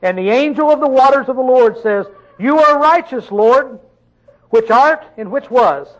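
Male preacher with a high voice; sermon delivery, questioning listeners, with sudden loud emphatic bursts. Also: lively intonation, poor audio. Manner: reads scripture slowly and drawn out.

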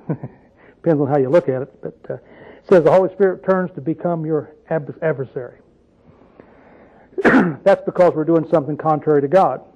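High-voiced man teaching the Bible. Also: lo-fi sound. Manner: conversational, asks the audience questions, tells folksy asides. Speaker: preacher.

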